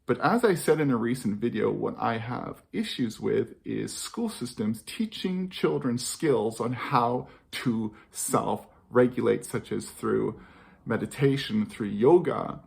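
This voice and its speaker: A man's voice: medium pitch, expressive, measured pace, vocal fry, darkish tone. A man talking earnestly to camera about parenting, repeating key phrases for emphasis. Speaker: parenting educator. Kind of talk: reflective talk to camera.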